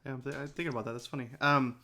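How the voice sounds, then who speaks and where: Man, medium pitch, podcast co-host, knowledgeable, lots of restarts. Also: fairly even intonation, rapid-fire, pushed and bright. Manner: knowledgeable, full of restarts and fillers. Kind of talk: casual movie discussion.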